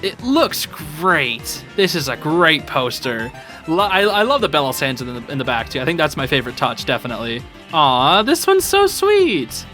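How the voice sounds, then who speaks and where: A young man excitedly commenting on fan art in casual chat, often saying dude and laughing. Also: a little high, moderate pace. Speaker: host reviewing fan art. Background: soft background music.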